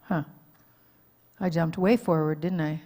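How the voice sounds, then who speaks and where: A woman's voice: low-pitched, steady tone, measured pace, dark tone. A woman counselor giving an informal teaching talk at a live church conference, often checking in with the audience and laughing at herself. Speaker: marriage counselor and conference speaker. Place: church hall, live event.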